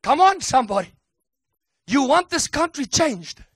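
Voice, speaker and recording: Guy preaching, really high voice, punchy and shouty at times, dry close sound. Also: measured pace, no room sound. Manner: emphatic call-and-response preaching, builds to excited shouts. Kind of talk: sermon.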